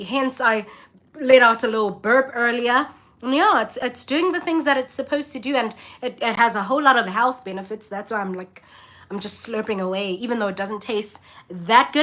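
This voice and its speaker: Blunt South African woman, bright voice. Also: fairly high pitch, moderate pace. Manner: blunt, emphatic and opinionated. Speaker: vlogger. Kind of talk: casual vlog rant to camera.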